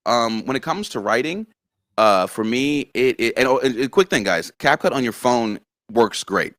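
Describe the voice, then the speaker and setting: A man's voice: mid-range voice, expressive, moderate pace, fairly bright tone, no echo, studio quality. A man guest on a casual interview chat, earnestly explaining things step by step. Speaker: guest content creator.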